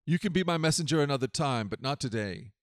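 A man's voice: mid-range voice, animated, quick pace, dry recording, clean studio sound, lightly acted. A man reading a stern army commander. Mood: firm.

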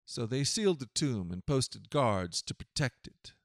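A man reading scripture aloud and then preaching, in a solemn, measured way with dramatic swells. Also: medium pitch, sing-song, no echo, studio quality.

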